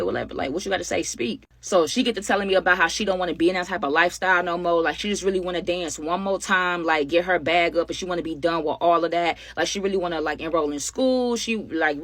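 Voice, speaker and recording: A young woman telling a story in casual, animated talk, speaking straight to her viewers. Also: lowish voice, no room sound. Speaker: storytime vlogger.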